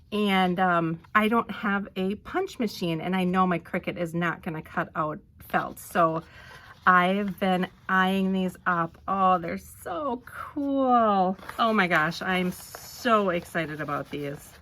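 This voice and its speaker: A woman vlogger narrating an unboxing, gushing with delight and often pausing with ums. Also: medium pitch, sharp tone. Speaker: crafting vlogger.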